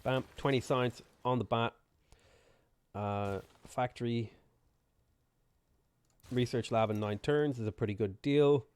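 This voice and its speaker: A man with a sore throat, chatting in a relaxed way as he streams a strategy game, reads chat aloud and mutters his moves. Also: mid-range voice, takes it slowly, long pauses, clean tone. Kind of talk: live gameplay commentary, reading chat.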